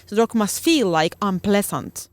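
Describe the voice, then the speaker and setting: A woman's voice: mid-range voice, animated, moderate pace, no room sound. Woman searching for words. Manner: searching for words, many fillers. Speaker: guest dog trainer. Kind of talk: casual podcast conversation.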